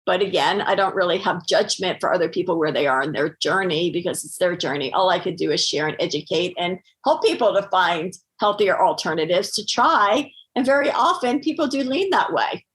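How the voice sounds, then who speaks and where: A middle-aged woman with a somewhat low voice talks earnestly as a podcast guest. She restarts her sentences often and fills the gaps with "um" and "you know.". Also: a little fast, few pauses, a bit bright. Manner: earnest, many fillers and restarts. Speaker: podcast guest, holistic doctor. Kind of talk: conversational interview.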